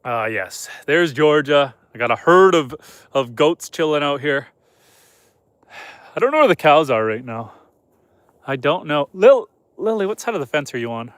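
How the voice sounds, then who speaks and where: A man's voice: a little high, fairly bright tone, clean tone, no echo. A young man casually chatting on a night-time farm livestream outdoors, talking to his animals and reading viewer comments aloud. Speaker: homesteader hosting a livestream.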